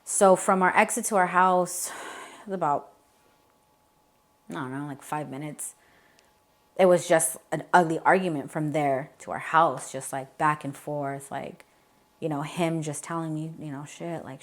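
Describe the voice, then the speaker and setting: A young adult woman as an interview guest, telling a painful personal story in a candid, halting way with many fillers. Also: low voice. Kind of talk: emotional personal account.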